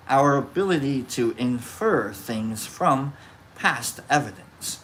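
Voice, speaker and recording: A teacher giving a casual philosophy lesson, reading from a book and thinking out loud, with many fillers and self-corrections in a laid-back, jokey way. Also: medium pitch, animated, slow, slight background noise.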